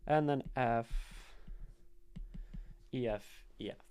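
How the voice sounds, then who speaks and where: Guy on a stream breaking down a poem, slow and smooth, muses out loud. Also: mid-range voice. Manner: slow, thinking aloud, reading verse lines aloud. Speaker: streamer analyzing poetry. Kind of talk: casual poetry analysis on a live stream. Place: streaming room.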